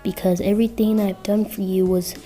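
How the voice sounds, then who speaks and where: Woman voicing a soft-spoken young witch girl, affectionate, giggly, mellow tone, faint music behind. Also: mid-range voice, flat delivery, fairly quick, close to an everyday voice. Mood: tender.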